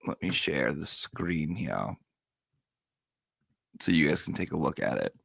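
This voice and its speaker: A man hosting a casual livestream, reading viewer comments and telling stories in an animated way. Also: very deep voice, measured pace, gravelly, husky, no echo. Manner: animated storyteller, reads viewer comments aloud. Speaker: live stream host.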